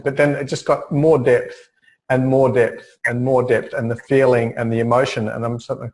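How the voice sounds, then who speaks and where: Man, interview host, chatty, curious, mid pitch. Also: fairly even intonation, moderate pace. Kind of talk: interview conversation.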